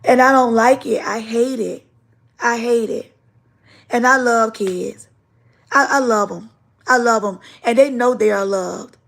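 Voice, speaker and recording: Unhurried and a little high, with vocal fry, a woman teacher hosts a casual livestream. Her storytelling is animated and emphatic, full of repetition.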